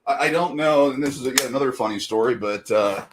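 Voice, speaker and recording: A middle-aged man talks in loose, casual conversation. He rambles through fillers and restarts and often laughs at his own jokes. His pitch sits in an ordinary middle range. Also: fast, background noise. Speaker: guest. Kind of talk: casual chat.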